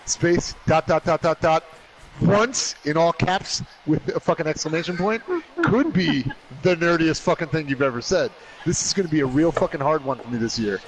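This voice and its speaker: A man co-hosting casual video game commentary, excitable and rambling, swearing freely. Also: a little high, a little fast, poor audio. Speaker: podcast host and co-commentator. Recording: faint background noise.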